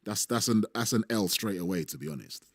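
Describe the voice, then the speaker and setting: A British man with a lowish voice ribs the others playfully as a podcast guest. His lines land quick and witty, and the sound is close and dry. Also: creaky, breathy edge, no room sound. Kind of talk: casual podcast chat.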